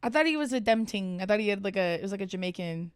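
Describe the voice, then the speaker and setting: A woman's voice: mid-range voice, expressive, quick pace, clean tone, no echo, clean studio sound. A young adult woman co-hosting a podcast in casual chat, laid-back and slangy, rambling and laughing along. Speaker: podcast co-host.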